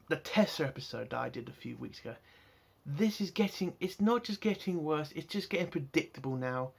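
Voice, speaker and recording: A man's voice: fairly high pitch, gravelly. A man, ranting angrily and swearing heavily as he reviews a TV episode. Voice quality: heavy swearing, heated ranting. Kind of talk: angry solo review rant.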